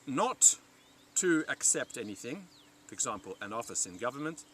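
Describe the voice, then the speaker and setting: A man teaching a Latin vocabulary lesson from a dictionary, repeating each Latin word slowly and clearly for learners, recorded by a roadside. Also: mid-range voice, very animated, fairly bright tone, slight background noise. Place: parked by a roadside in a river valley, outdoors or in a vehicle.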